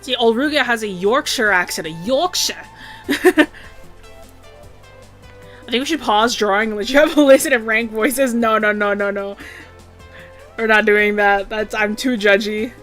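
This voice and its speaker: A woman's voice: fairly high pitch, normal speed, fairly bright tone, soft background music. A young woman chatting casually while she draws requests, laid-back, giggly and swearing casually. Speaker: artist streamer drawing requests. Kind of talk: casual chat while drawing.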